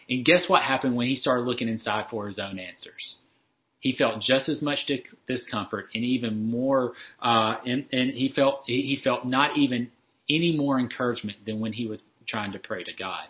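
A man's voice: mid-range voice, normal speed, lo-fi sound. A man preaching a sermon in an earnest way, often repeating words as he restarts and lifting his voice when he acts out a prayer. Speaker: pastor.

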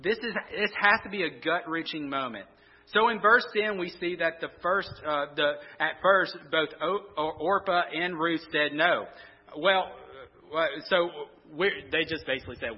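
A man's voice: a little high, animated, unhurried, husky. A man preaching a sermon, conversational and repeating words as he thinks aloud. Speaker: pastor. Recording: muffled sound in a reverberant hall.

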